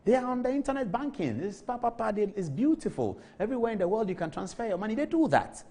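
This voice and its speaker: Fast and sing-song, with a high, warm voice, the Ghanaian TV host delivers emphatic studio commentary on current news. He is middle-aged and often repeats words to drive his points home.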